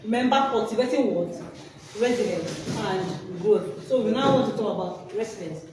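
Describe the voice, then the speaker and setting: Leading a workshop, this woman uses a mid-range voice at a moderate pace and quizzes listeners with prompts they're meant to finish. The interactive teaching session was captured in a reverberant hall, with the mic far off and noise in the background.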